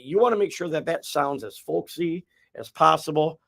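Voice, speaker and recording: A man's voice: on the high side, expressive, fairly quick, few pauses. A man from the Midwest hosting a real estate podcast, explaining his methods in a folksy, rambling way with restarts. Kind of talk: casual podcast chat.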